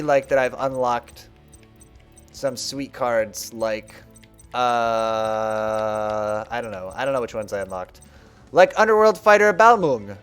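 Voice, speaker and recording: A man streaming a card video game, chatting casually and rambling about how people play. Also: fairly high pitch. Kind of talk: casual gameplay commentary.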